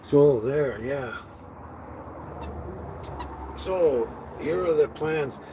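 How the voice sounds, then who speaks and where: During a casual live stream, a man with a fairly high-pitched voice wanders between thoughts, halting often with fillers and restarts. He seems to be speaking inside a small home, with constant background noise beneath him.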